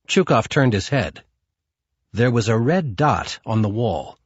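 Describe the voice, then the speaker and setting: A man's voice: mid-range voice, sing-song, a little slow, breathy edge, no room sound, dull audio. A man narrating a crime novel audiobook in a dramatic storytelling manner. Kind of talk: scripted narration.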